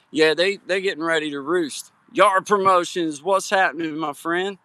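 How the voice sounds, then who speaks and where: A livestream host from Virginia talks casually to viewers on his phone while out on a hiking trail at sunset, greeting them by name in a folksy, friendly way. His fairly high, sharp voice moves at a moderate pace with few pauses, and the recording is dry.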